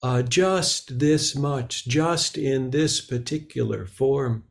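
Slow, halting man giving a Zen talk. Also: medium pitch, creaky. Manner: slow and halting, many filler sounds. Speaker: Zen teacher. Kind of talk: dharma talk.

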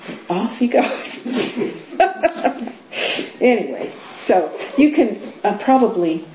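A middle-aged woman teaching as a Zen teacher in a dharma talk, unhurried, with many fillers and laughs. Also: on the high side, big pitch swings, heavy background noise. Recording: roomy echo.

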